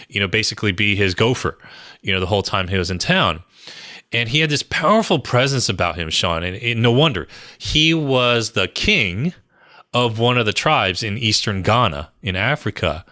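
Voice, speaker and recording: Bright-voiced man telling stories. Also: on the low side, dry recording, clean studio sound. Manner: animated storyteller, fillers like "you know" and "um". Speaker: guest, brand strategist and author. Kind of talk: podcast interview storytelling.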